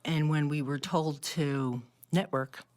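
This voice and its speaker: A woman's voice: sits low, takes it slowly. A woman telling a personal story in a casual group conversation, laughing often as she talks. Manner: animated, laughs often while talking. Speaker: club member telling her story.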